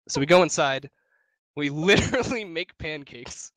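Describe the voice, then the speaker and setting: A man's voice: a little high, animated, normal speed, fairly bright tone, no echo. A young man and podcast co-host telling a long personal story in casual chat, rambling and swearing with many restarts.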